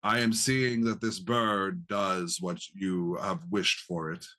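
A man voicing an eerie male cultist in a tabletop game, slow and formal in speech. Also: low-pitched, steady tone, bright, forceful tone, exaggerated voice. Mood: ominous.

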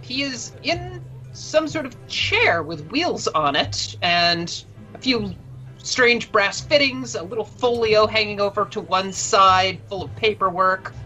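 A woman's voice: mid-range voice, expressive, slow, pushed and bright, soft background music, low-quality recording. A woman running a tabletop role-playing game, narrating scenes in a casual, chatty way with fillers and laughs. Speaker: game master.

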